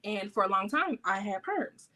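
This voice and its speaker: Young woman, twenties, interview guest, bright tone, relaxed, reflective, lots of fillers. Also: medium pitch, normal speed. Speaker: guest, business owner. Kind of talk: casual interview.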